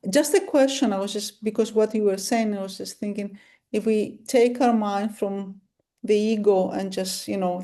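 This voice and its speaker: Woman asking a question in class, mellow voice, kinda unsure, lots of pauses. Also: medium pitch. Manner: hesitant, searching for words.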